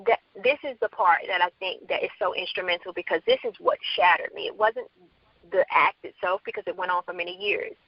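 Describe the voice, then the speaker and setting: A woman's voice: fairly low pitch, brisk, breathy edge, dry recording, lo-fi sound. A woman from the Bronx, an author guest, telling her story candidly in an interview and acting out quoted dialogue. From Bronx, New York.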